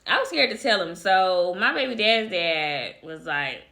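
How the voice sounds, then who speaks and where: A woman's voice: on the low side, lively intonation, unhurried, vocal fry, bright, forceful tone. A woman casually telling a personal story to her viewers, chatty and talking to them directly as y'all. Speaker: vlogger.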